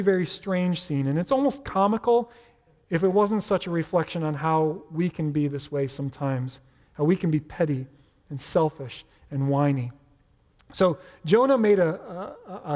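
A man's voice: fairly high pitch, darkish tone. A man preaching a sermon as pastor, in a conversational, playful way with asides. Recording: reverberant hall.

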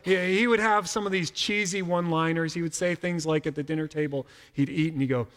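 A middle-aged male pastor delivers a sermon in a loose, conversational manner, stumbling over and repeating words as he starts his thoughts. His voice sits a little high for a man, and a long reverb from the large hall trails after each phrase. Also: fairly even intonation, fairly quick, fairly bright tone.

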